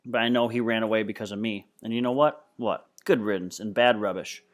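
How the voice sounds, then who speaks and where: A man's voice: fairly low pitch, a little fast, lightly acted. A man reading aloud, voicing a clever, theatrical small boy who speaks in mock-grand phrases. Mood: cool.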